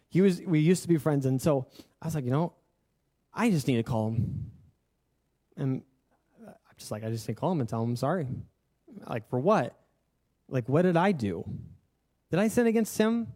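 This young man's voice is on the high side but dark in tone. Preaching as a pastor, he shares a personal story earnestly and confessionally, speaking conversationally with many filler words.

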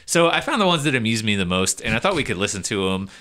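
A man's voice: fairly low pitch, very animated, fast talker, pushed and bright. A man co-hosting a podcast, chatting casually and animatedly with friends, often breaking into laughs. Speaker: podcast co-host.

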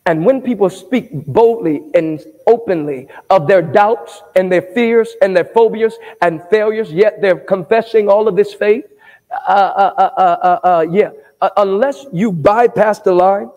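In a church sanctuary, a pastor with a strikingly high voice preaches at a normal speed, throwing questions to the congregation and inviting them to answer back. Now and then he climbs into shouted emphasis, and the large hall gives his words a long, ringing reverb.

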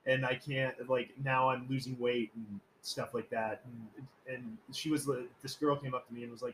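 A man's voice: mid-range voice, flat delivery, moderate pace, slight background noise, low-quality recording. A man hosting a casual podcast, telling stories in a rambling, profane, joking way and acting out quoted voices. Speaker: podcast host.

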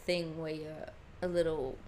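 A woman's voice: deep voice, flat delivery, unhurried, a little mellow. A young Australian woman, an actress, chatting about her work and laughing often as she tells stories. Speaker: actress guest. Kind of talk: casual chat. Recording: faint background noise.

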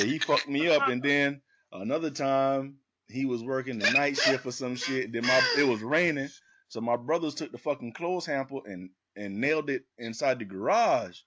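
A man telling a profane, animated story in casual podcast chat. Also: mid-range voice. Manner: profane, animated storyteller who acts out quotes.

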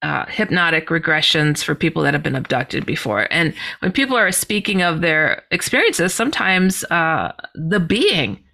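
Lady guest telling a story, lively, bright voice, lots of um and you know. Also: sits low, normal speed, vocal fry, hardly any pauses. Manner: animated, acts out quoted voices, many fillers. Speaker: podcast guest. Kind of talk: storytelling in an interview.

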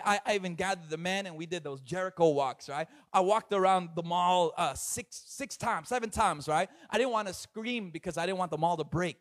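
A male pastor delivers a sermon in a high, bright-sounding voice. He tells his story with animated, acted-out quotes, often repeating his words as he builds momentum.

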